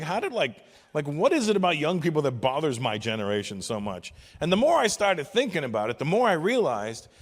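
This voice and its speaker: Man in his fifties doing profane stand-up in a hall. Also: on the high side. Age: 50s. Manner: profane, animated, acts out voices in quotes. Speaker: stand-up comedian. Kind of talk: stand-up comedy routine. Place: large live venue with audience. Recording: long hall reverb from a stage.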